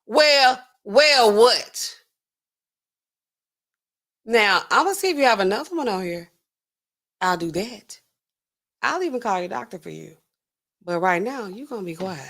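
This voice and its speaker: A woman pharmacist hosting a casual livestream, chatting to viewers and acting out customers in quick asides. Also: mid-range voice, sing-song, vocal fry, a bit bright.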